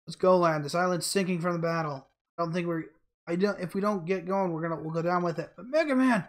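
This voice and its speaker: A man voicing a gruff, impatient boy rival who talks bluntly. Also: sits high, quick pace. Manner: brash and blunt. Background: game music.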